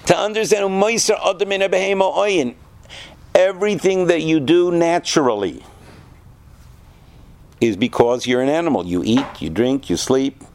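A male teacher speaking to a room of students in an animated, conversational way. His voice sits slightly high, and he keeps stopping to quiz the class. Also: normal speed, pauses often. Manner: animated, asks the class questions. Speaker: yeshiva teacher. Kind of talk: lecture to students.

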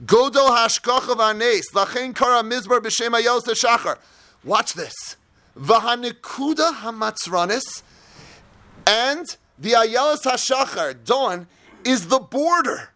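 A man giving a sermon-style Torah lecture as a rabbi, dramatic, swinging between hushed low tones and impassioned shouting. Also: animated, slow.

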